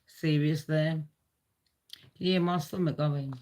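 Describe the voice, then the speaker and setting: A woman's voice: sits low, fairly even intonation, unhurried, darkish tone. A woman hosting a live gossip stream, chatting in a blunt, rambling way with heavy swearing.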